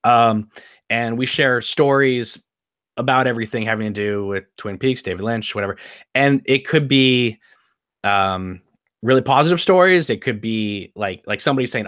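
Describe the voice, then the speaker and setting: A man's voice: mid-range voice, moderate pace, fairly bright tone, no room sound, studio quality. A man hosting a podcast in casual chat, hesitant with many ums and you-knows. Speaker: podcast host.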